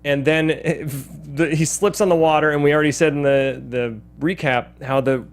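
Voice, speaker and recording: A man's voice: fairly high pitch, moderate pace, clear, resonant tone. A man hosting a movie podcast, chatting casually about a film in a rambling way and laughing often. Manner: animated, laughing, rambling with restarts. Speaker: podcast host. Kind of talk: casual film-discussion chat.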